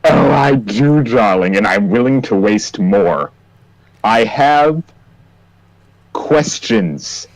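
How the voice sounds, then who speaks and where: A man's voice: fairly low pitch, expressive, slow, vocal fry, long pauses, no echo, heavily acted, low-quality recording. Guy doing a dainty smug hero voice, all darling this darling that. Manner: mocking, calls others darling.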